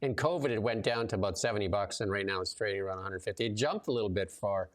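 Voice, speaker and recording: This show host and commentator has a fairly low voice and talks fast. He runs a casual livestream chat, telling stories in a lively, loose, talkative way packed with fillers.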